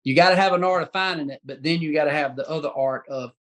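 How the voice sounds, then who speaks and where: A man's voice: on the high side, quick pace, a bit bright. A man as a podcast guest, talking casually in a folksy way and giving hunting advice. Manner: folksy, gives advice, says dude and bro. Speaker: guest hunter. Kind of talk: casual chat.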